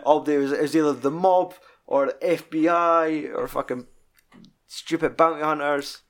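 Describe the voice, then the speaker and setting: A man's voice: on the high side, steady tone, normal speed. Swearing man chatting about films. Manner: rambling, heavy swearing, laughs while recalling scenes. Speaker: podcast co-host. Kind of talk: casual film review chat.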